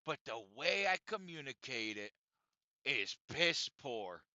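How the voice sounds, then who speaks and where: A podcast host with a medium-pitched, sing-song voice speaks slowly and with a sharp tone in a casual monologue, blunt and confessional with plenty of profanity. The recording is dry with no echo and has a dull lo-fi sound.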